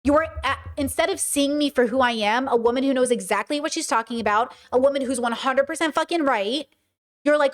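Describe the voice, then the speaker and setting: A woman's voice: high-pitched, normal speed. A woman streaming live commentary, talking passionately and emphatically and answering her chat.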